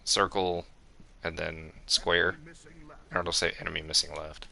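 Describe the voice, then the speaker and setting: Super deep gravelly guy explaining a game on stream, kinda sharp tone. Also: level tone, a little slow. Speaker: gaming streamer. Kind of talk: casual chat while streaming a game.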